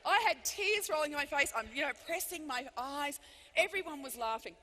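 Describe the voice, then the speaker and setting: Brief: high, bright woman as a motivational keynote speaker, emphatic and animated, big hall reverb. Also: fairly quick. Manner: animated and emphatic, with big swings from loud to hushed. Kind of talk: live keynote speech. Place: large hall before thousands of people.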